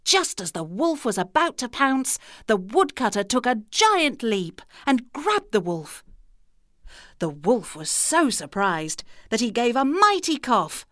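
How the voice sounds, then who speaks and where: A woman narrating a children's storybook in an expressive, sing-song manner. She takes her time, letting her voice climb and dip through each sentence. The recording is close and dry, with no room sound. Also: on the high side, takes it slowly, no echo.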